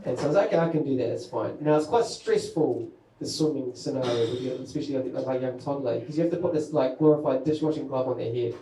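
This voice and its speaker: A man's voice: mid-range voice, fast talker, dark tone. New man, stand-up set, self-mocking rambling, echoey room, faint background hum. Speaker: stand-up comedian. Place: comedy venue with an audience.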